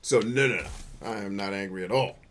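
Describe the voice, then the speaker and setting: A man hosting a gaming show, riffing through casual gameplay commentary, boisterous and playful, full of slang and swearing, with sudden loud outbursts. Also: fairly low pitch, brisk, slight background noise. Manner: boisterous and playful, bursts into loud shouts and laughter.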